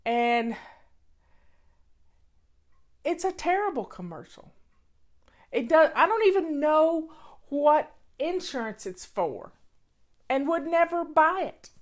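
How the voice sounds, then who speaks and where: Slow, earnest woman chatting over tea. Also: high voice, big pitch swings. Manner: earnest, repeats points for emphasis. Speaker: vlogger. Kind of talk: casual talk to camera.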